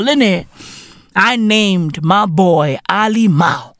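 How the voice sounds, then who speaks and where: A man hosting a podcast, telling a comedic story in slang, full of swearing, shouts and sound effects. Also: extremely high pitch, measured pace, dry recording, studio quality. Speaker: podcast host. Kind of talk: casual comedic monologue.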